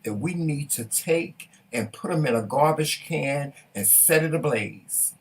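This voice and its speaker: A man co-hosting a casual talk show, hyping things up in an animated way, swearing and laughing. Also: a little high, unhurried.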